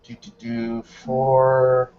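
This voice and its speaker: A man running a tabletop game as game master, describing the scene in a measured way. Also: mid-range voice, monotone. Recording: dull lo-fi recording.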